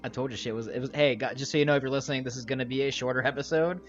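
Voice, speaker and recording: A man's voice: medium pitch, fairly even intonation, racing, lo-fi sound, soft background music. A man narrating a tabletop game as game master, casual and joking with his players. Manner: casual, swearing, laughing with players.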